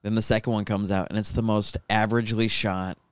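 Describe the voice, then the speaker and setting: A man's voice: fairly low pitch, flat delivery, fast talker, clean tone, dry recording. A young man chatting casually and joking, telling stories in a loose, riffing way. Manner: joking, storytelling, swears casually. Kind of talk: casual chat.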